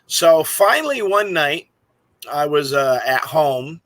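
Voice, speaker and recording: A man with a fairly high, bright, forceful voice, chatting casually as a podcast co-host. He tells long personal stories and laughs easily. His voice comes through dry and close on a video call. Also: sing-song, slow pace, dry recording, poor audio. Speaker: podcast co-host and park ranger. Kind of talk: casual chat.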